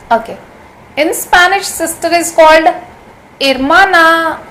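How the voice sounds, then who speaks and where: Woman, Hindi speaker, patient vocabulary teacher, high-pitched, unhurried drill style. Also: lively intonation, fairly bright tone, low-quality recording. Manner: patient, repeats each word slowly several times. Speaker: language teacher. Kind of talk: vocabulary lesson.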